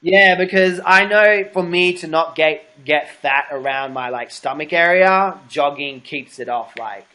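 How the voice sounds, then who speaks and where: A man's voice: a little high, unhurried, few pauses, pushed and bright. A young adult man hosting a casual livestream chat, gossipy and giggly with a camp manner. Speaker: host.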